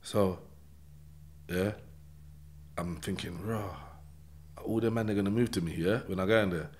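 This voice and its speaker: A man's voice: low voice, normal speed, slight background noise. A man with a London accent, a podcast guest telling a story in a casual interview, acting out the dialogue and swearing freely. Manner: animated retelling with acted-out dialogue and swearing.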